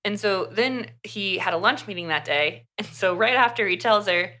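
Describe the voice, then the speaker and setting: A young woman co-hosting a podcast, casually retelling a book's plot in an animated way, full of "like". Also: medium pitch, moderate pace. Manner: chatty, animated retelling with lots of "like". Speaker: podcast co-host. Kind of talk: casual book review chat.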